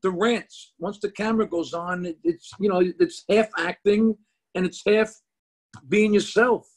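A middle-aged comedian with a New Jersey accent, talking bluntly and profanely in a casual interview over a video call. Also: male voice, sits high, fairly even intonation, unhurried. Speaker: comedian guest.

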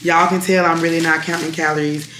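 A young woman vlogger with a raspy, strained voice, chatting casually to her viewers at home and calling them y'all. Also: deep voice, little pitch movement, fast, background noise. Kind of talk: casual chat to camera. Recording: roomy echo.

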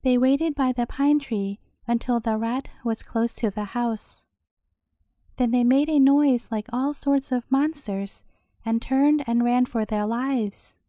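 Gentle woman reading a bedtime story. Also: fairly high pitch, slow pace, no echo, studio quality.

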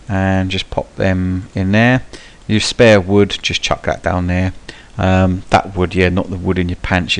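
A young man talks viewers through a game in a low, easygoing voice. His live commentary rambles, full of ums and restarts, with cheeky swearing thrown in. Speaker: gaming channel host. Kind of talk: live gameplay tutorial commentary.

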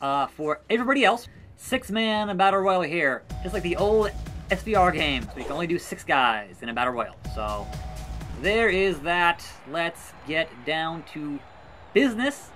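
A man's voice: on the high side, lively intonation, moderate pace, pushed and bright. A man giving casual gameplay commentary, calling a wrestling match in a mock play-by-play style with sarcastic asides. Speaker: gaming YouTuber. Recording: faint music behind.

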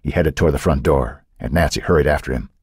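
Deep, husky male audiobook narrator. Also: fast talker, dry recording, studio quality. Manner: expressive, suspenseful reading.

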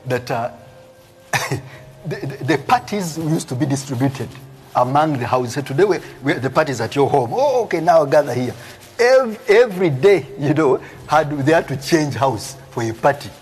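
Speaking at normal speed in a mid-range voice, a man preaches a live sermon as a prophet, reading scripture aloud and explaining it. He's animated, often ending lines with "eh?" and laughing.

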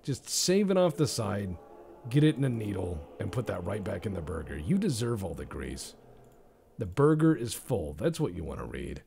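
Male gameplay commentator, gravelly and husky, rambling and jokey, lively pitch swings. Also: normal speed. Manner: jokey, deadpan asides with sudden loud outbursts.

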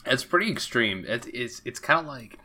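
A man's voice: medium pitch, sing-song, normal speed, pushed and bright. A man co-hosting a podcast in casual chat, laid-back and teasing, with short reactions. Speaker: podcast co-host.

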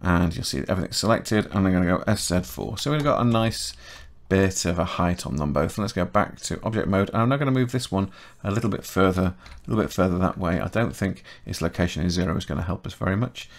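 Gravelly low-voiced man teaching software. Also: fast talker, hardly any pauses. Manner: chatty and self-correcting, talking through each step. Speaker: 3D modelling tutor. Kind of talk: casual screen-recorded software tutorial.

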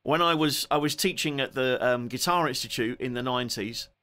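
Bright-voiced London guitarist in his forties. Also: medium pitch, brisk. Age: 40s. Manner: joking, chatty, self-deprecating. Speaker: guitarist streamer. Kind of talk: casual live-stream chat.

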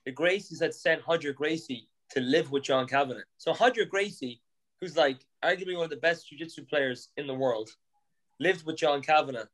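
An Irish man in his thirties, a guest on a podcast, telling lively stories with laughter and casual swearing. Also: fairly high pitch, moderate pace, poor audio. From Ireland. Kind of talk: casual chat, anecdotes.

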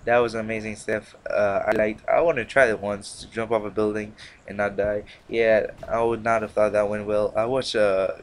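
A man's voice: fairly low pitch, flat delivery, moderate pace, a little hiss or hum. A young man hosting a gaming channel, rambling in casual, slangy commentary full of fillers and restarts. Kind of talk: casual commentary over gameplay.

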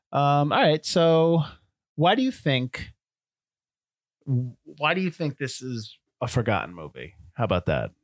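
A man's voice: mid-range voice, big pitch swings, takes it slowly, long pauses, no echo, studio quality. A man co-hosting a casual film podcast, easygoing and agreeable, asking questions and often restarting his sentences. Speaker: podcast co-host.

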